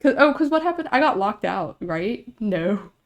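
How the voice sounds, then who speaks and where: A woman's voice: mid-range voice, sing-song, moderate pace. A young adult woman streamer chatting casually while she draws, telling a rambling story and laughing often.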